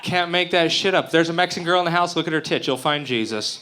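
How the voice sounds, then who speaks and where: Profane stand-up comic, man from Utah, bright forceful tone, a touch higher than most. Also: fast. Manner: crude, profane, brash joking. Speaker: stand-up comedian. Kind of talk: stand-up comedy set. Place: open mic stage before a live crowd.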